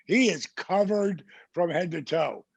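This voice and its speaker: A man from New Jersey, a podcast guest, telling a casual story in an animated way and acting out the people he quotes. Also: sits high, unhurried, vocal fry, breathy edge, no echo. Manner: animated anecdote teller who acts out the people he quotes.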